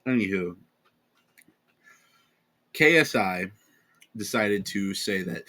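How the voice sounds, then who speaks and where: A tired young man with an American accent rambles through a casual commentary, sarcastic and quick to correct himself. His voice sits a little low but sounds bright and forceful. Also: lively intonation. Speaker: commentary channel host.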